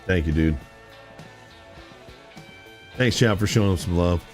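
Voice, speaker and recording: There's faint music behind this man, who has a low-pitched, unhurried voice. He talks casually with viewers on a gaming live stream, rambling animatedly through stories and blurting out his reactions.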